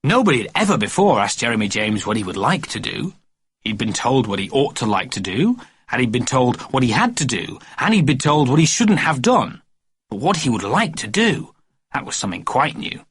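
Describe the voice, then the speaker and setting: Male audiobook narrator for a kids' story, animated, husky. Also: mid-range voice, fairly quick, dry recording.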